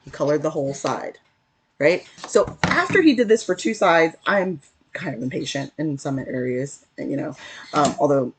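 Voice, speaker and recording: A woman's voice: deep voice, lively intonation, moderate pace, noisy background. A woman casually teaching a spiritual lesson to camera, earnestly recounting a story with frequent self-corrections.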